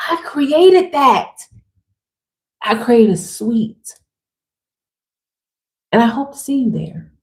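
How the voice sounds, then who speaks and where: With a fairly high, slightly mellow voice, a woman motivational speaker talks straight to her female viewers in a livestream pep talk. Her speech is slangy and chatty, emphatic and fired up, and she swears casually.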